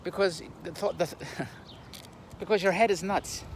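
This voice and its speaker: Speaking a little slowly in a voice that sits high, this older YouTube commentator addresses a tripod-mounted camera. His monologue is blunt and rambling, full of repeated words and laughter at his own jokes, with slight background noise.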